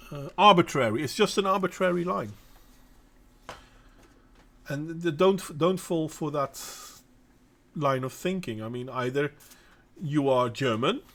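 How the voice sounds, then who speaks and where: Dutch guy, middle-aged, kinda high voice, hosting a chat and talking straight at viewers, blunt and emphatic, stops to hunt for words. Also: measured pace, long pauses, fairly bright tone. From Netherlands. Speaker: host answering viewers. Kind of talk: casual opinionated monologue.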